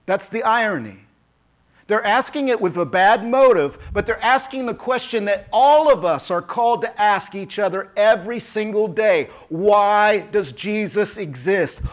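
A man preaching a sermon as pastor, lively and emphatic, acting out quoted voices and calling on the congregation. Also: sits high, moderate pace.

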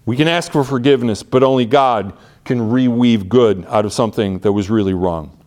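A pastor with a mid-range, darkish voice preaches a sermon at a moderate pace. He's earnest and conversational, frequently restarting his phrases.

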